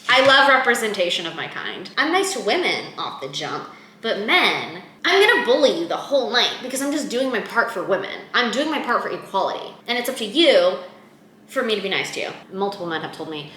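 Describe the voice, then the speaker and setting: A woman's voice: mid-range voice, big pitch swings, sharp tone, slight background noise. Young woman yapping in her kitchen vlog, rambly and self-deprecating, kinda echoey room. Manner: rambling, self-mocking, quick asides. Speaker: vlogger. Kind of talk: casual chatty vlog. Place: apartment kitchen, indoors.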